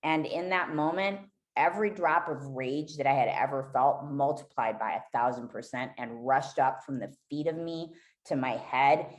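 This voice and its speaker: A woman guest on a podcast, candidly telling a raw, emotional personal story and swearing freely. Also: rumbling low.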